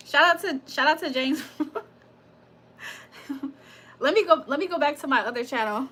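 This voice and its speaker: A tarot reader leads a livestream full of casual storytelling and chatter, laughing often and swearing with ease. She speaks at a moderate pace in a high-pitched, expressive voice that is bright and forceful.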